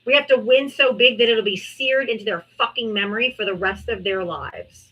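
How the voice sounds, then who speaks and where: A woman's voice: on the high side, normal speed, a bit bright, slightly rough, low-quality recording. A woman hosting a live political debate stream, talking in a brash, mocking, profane way.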